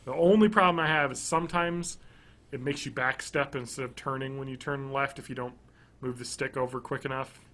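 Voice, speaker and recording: A man in his thirties co-hosting a podcast, chatting casually and enthusiastically, rambling and swinging between loud bursts and quiet mumbles. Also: medium pitch, fairly even intonation, brisk. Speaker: podcast co-host. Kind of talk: casual chat.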